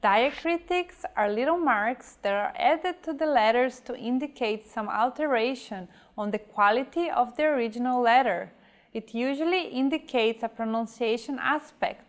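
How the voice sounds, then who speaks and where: A language teacher with a slightly high female voice delivers a scripted pronunciation lesson. She goes slowly and carefully, pausing over each example word as though spelling it out for a beginner.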